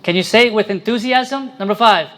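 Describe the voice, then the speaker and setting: A man's voice: sits high, brisk, a crowd in the background. A man preaching a sermon as a priest, quizzing his congregation and pressing his points with emphasis.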